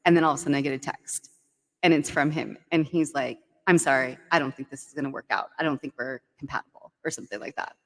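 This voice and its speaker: A woman telling a dating story on a podcast, chatty and animated, saying "like" and "right?" a lot. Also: rumbling low, quick pace, big-room sound. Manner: animated, heavy use of "like" and "right?". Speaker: guest storyteller.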